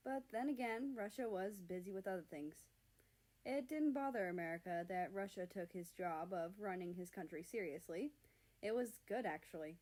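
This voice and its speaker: A woman reading a fan fiction story aloud in an earnest, expressive narration. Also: medium pitch.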